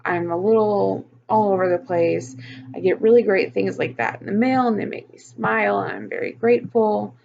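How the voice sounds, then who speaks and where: A woman's voice: medium pitch, fairly even intonation, normal speed, creaky, lo-fi sound. A woman talking frankly on her personal vlog, venting about her week and swearing often. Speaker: vlogger.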